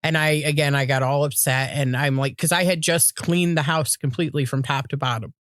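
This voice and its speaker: A woman's voice: sits low, steady tone, brisk, dry recording, studio quality. A woman, co-hosting a podcast and telling rambling, profane stories in casual chat. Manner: rambling storyteller, swears freely, acts out voices. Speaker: podcast co-host.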